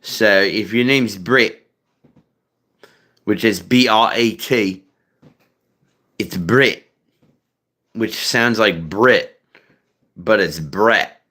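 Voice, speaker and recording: A man's voice: on the low side, drawn-out words, pauses often, pushed and bright. A man hosting a live stream, chatting casually in a profane, rambling way. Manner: profane, rambling, many fillers and restarts. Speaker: livestream host.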